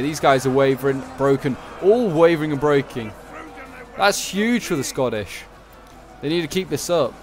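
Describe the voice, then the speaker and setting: A man giving casual, chatty commentary over a strategy game battle, thinking aloud with many fillers and restarts. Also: medium pitch. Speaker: gaming commentator.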